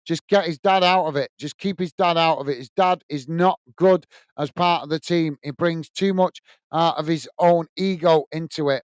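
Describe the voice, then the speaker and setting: A man with a high, smooth and clear voice hosts a live football watch-along in a dry, close sound. He chats in a blunt, opinionated way and answers viewer comments one by one. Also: normal speed, no echo. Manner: chatty, reads viewer comments aloud and answers them. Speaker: host.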